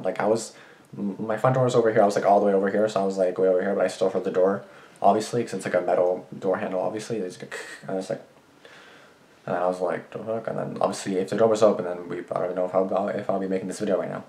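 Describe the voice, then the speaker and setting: A man's voice: sits low, darkish tone. A young man vlogging, rambling through anecdotes with lots of restarts and swearing. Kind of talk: casual rambling storytelling. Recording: roomy echo.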